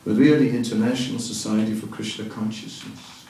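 A man's voice: on the low side, steady tone, brisk, warm tone. A man giving a devotional talk, earnest and reassuring, repeating words for emphasis. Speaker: spiritual teacher. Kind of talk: devotional talk answering a question. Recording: echoey room, distant mic, faint noise.

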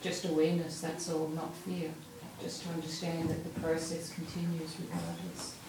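A woman in the audience making a calm, measured point. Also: low-pitched. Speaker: audience member. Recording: distant echoey room with noise.

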